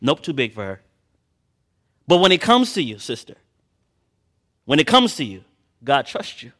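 With a medium pitch, big swings in pitch, and normal speed, a man delivers a sermon. He alternates quiet personal stories with loud, impassioned sections and quotes scripture in antiquated phrasing.

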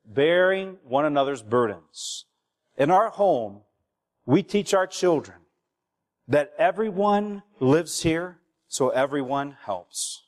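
A man's voice: on the high side, animated, takes it slowly. Preaching man in a reverberant hall. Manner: exhorting, asks the congregation for replies. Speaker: pastor. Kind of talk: sermon. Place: church hall. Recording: long reverb of a church hall.

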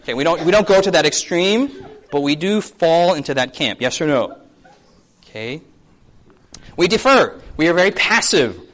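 Man in his thirties, pastor, sermon, high voice, bouncy delivery, quizzes the crowd. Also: slight background noise. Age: 30s. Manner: animated, asks the audience yes or no, acts out quick voices. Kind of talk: lively sermon to a congregation.

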